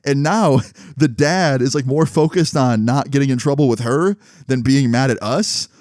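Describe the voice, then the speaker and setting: A man telling a story in a casual storytime vlog, animated and full of swearing and fillers. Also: medium pitch, normal speed, no room sound, studio quality.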